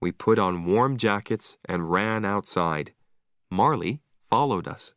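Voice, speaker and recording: Man, story narrator, slow and clear, lively pitch, dry recording. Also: dry recording. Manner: lively, expressive reading.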